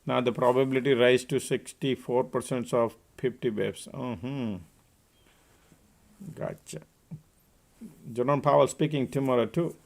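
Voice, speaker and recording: A man's voice: mid-range voice, fairly even intonation, a little slow, creaky, pauses often. A man hosting a live trading stream, giving casual market commentary and chatting with viewers by name.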